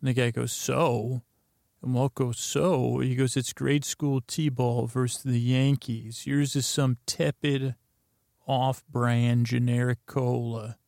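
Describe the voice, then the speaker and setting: A man casually recapping a TV episode, rambling and halting with many fillers and restarts. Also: medium pitch, little pitch movement, a little mellow, no echo, clean studio sound. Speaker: podcast host.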